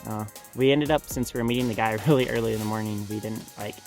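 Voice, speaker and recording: Young man co-host with a gravelly voice and hesitant delivery. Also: lowish voice, a little mellow, soft background music. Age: young adult. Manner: halting, many "uh" and "um" fillers. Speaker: vlog co-host. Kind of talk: casual storytelling chat.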